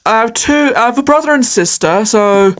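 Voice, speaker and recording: A woman's voice: fairly high pitch, lively intonation, moderate pace, a little hiss or hum. A woman chatting on her own through a quiz, playful and hesitant, with many fillers and frequent laughter. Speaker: video creator answering quiz questions. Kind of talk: casual solo commentary.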